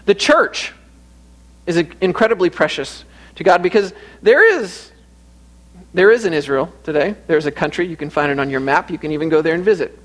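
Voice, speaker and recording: A male preacher delivering a sermon with a high-pitched voice. He speaks earnestly and leans on repetition to drive his points home. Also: expressive, normal speed, fairly bright tone. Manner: earnest, repeats phrases for emphasis.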